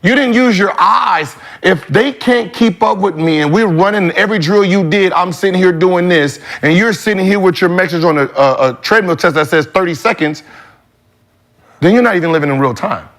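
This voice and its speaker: A man's voice: high-pitched, brisk, a bit bright. A man hosting a sports podcast, telling a story with emphatic profanity and mimicking other people's voices. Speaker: podcast host. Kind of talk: animated storytelling in casual chat.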